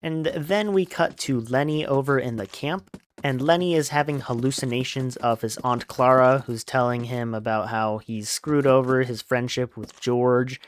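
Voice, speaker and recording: A man's voice: mid-range voice, fairly even intonation, normal speed. A man hosting a podcast, casually retelling a novel in a chatty way. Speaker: podcast host.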